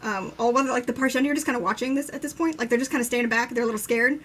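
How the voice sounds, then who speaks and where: Young woman recapping a book fast and gushing, high voice, light hiss under the mic. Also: fairly bright tone. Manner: enthusiastic, swears freely, acts out quotes with laughter. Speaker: book discussion co-host. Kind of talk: casual live-stream book chat.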